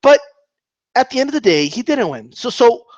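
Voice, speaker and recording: A man's voice: moderate pace, no echo, muffled recording. A man ranting about boxing in casual commentary, argumentative and mocking, often repeating himself. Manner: animated, argumentative, mocks opponents in high voices.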